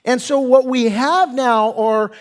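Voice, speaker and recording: A man's voice: very high voice, takes it slowly. A man preaching a sermon in a church, conversational and emphatic, telling stories to the congregation. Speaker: pastor. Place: church sanctuary. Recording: long reverb of a church hall.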